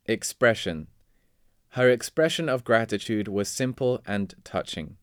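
A man reading vocabulary words and example sentences in a measured, deliberate way. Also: lowish voice, animated, clean tone, dry recording, clean studio sound. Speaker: vocabulary reader.

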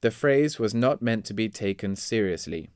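A man reading vocabulary words and example sentences in a measured, deliberate way. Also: fairly low pitch, lively intonation, a little mellow, clean tone, dry recording, clean studio sound. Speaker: vocabulary reader.

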